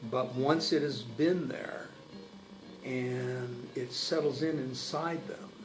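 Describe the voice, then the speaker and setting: A man's voice: mid-range voice, steady tone, slow, echoey room, over music, poor audio. A man, a stage actor, speaking thoughtfully about his role in an interview, with frequent hesitations. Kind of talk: promotional interview.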